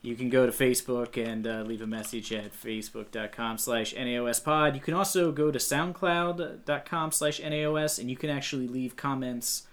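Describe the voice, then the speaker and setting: A man's voice: mid-range voice, fairly quick, few pauses, fairly bright tone. A man co-hosting a movie podcast, chatting casually and joking about the film. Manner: jokey, laughs and mimics characters. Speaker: podcast co-host. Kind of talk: casual movie review chat.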